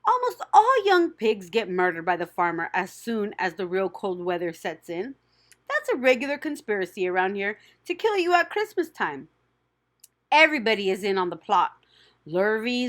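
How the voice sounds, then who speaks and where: A woman's voice: medium pitch, big pitch swings, moderate pace, a bit bright. A woman voicing a blunt, gossipy old female sheep who talks in a snappish, matter-of-fact way.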